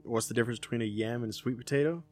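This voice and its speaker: A man co-hosting a podcast in casual chat, throwing in quick wisecracks. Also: mid-range voice, darkish tone, soft background music. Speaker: podcast co-host.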